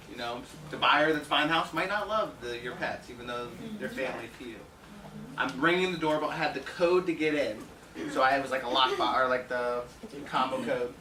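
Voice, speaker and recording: A man telling anecdotes in a conference talk, chatty, laughing often and acting out the people he quotes. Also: medium pitch. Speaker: home inspector speaking at a conference. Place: conference room with an audience. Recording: echoey room, mic heard from far, audience noise.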